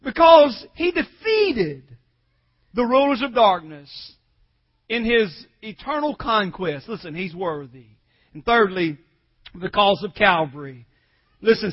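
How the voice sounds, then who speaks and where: A man preaching a sermon, moving between quiet asides and shouted, tearful climaxes and calling on the congregation to repeat lines after him. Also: high-pitched, dull audio.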